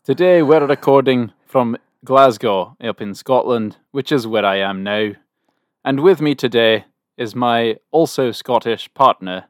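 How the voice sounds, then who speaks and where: A man co-hosting a podcast in an easygoing chat, playful and quick to joke, tripping over his words and restarting. His voice sits at an ordinary middle pitch, and it is recorded dry and close with no room sound. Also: no room sound. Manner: playful, stumbling restarts, laughs often. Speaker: podcast co-host. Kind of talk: casual chat.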